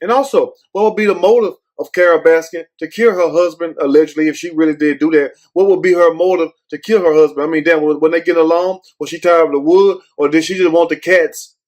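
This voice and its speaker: A man's voice: a little high, brisk, hardly any pauses, darkish tone. A man hosting a casual commentary show, rambling and blunt, often swearing and circling back with "but anyway.". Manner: blunt, profane. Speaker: show host.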